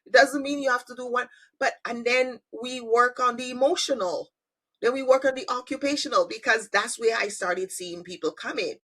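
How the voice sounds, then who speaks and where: A woman's voice: fairly high pitch, normal speed, bright, forceful tone. A woman hosting a podcast, enthusiastic and affirming as she explains her own model. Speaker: podcast host and conflict analyst. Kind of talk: interview conversation.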